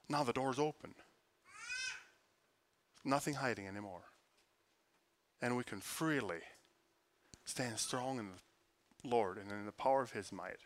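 A man preaching a sermon, earnest, moving between forceful emphasis and quiet, hushed prayer. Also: mid-range voice, unhurried, long pauses. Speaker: pastor.

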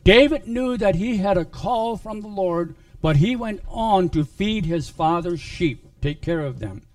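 A man preaching a sermon, retelling a Bible story in a halting way with many restarts. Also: sits high, lively intonation, no echo, far from the mic.

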